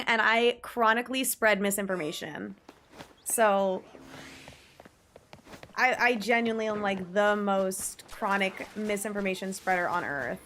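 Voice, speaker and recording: A woman streaming a game live, chatting casually and breaking into frantic shrieks and shouts when she gets scared. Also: mid-range voice.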